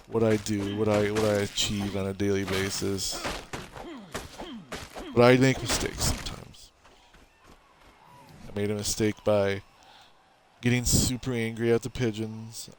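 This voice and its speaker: A man's voice: on the low side, little pitch movement, normal speed, noisy background. A man rambling through gameplay commentary in a mock-earnest, confessional way, cracking self-mocking jokes. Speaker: gameplay streamer. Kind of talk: rambling let's-play commentary.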